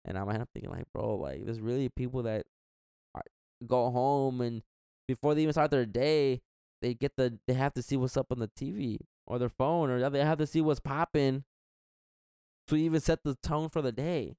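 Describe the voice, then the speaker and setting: A man's voice: medium pitch, normal speed, mellow, clean tone, no echo, clean studio sound. A young man in casual chat, rambling through a story and acting out what others said in a slangy way. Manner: rambling, slangy, acts out quotes.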